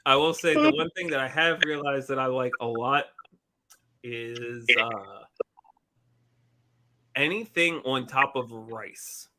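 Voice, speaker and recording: A man's voice: medium pitch, takes it slowly, long pauses, slight background noise. A young man in his twenties chatting casually with his brother, laughing often and swearing freely as he tells stories. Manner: laughs a lot, swears freely, animated storytelling. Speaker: podcast host. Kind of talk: casual chat between brothers.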